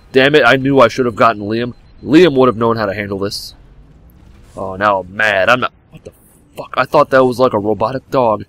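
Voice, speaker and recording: A man's voice: medium pitch, a bit bright, no room sound. A young man commenting on a game he is playing at home, joking and switching between mock drama and sudden yelps, sometimes leaning back from his desk microphone. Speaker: gameplay commentator. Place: home room by a game console. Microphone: desk microphone, leaning back from it now and then.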